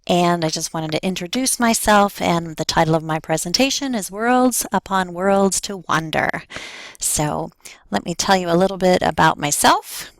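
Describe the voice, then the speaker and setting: A woman's voice: lowish voice, expressive, moderate pace, no room sound, poor audio. A woman giving a recorded self-introduction for a class, speaking hesitantly and stumbling over her words with fillers. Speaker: faculty member taking a graduate class.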